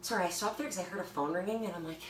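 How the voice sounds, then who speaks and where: A woman's voice: on the low side, racing. A woman leading a home workout class, chatting and cheering viewers on between breaths, filmed on a phone from across the room. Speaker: fitness instructor. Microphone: phone camera from a distance. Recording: echoey room, distant phone mic, background noise.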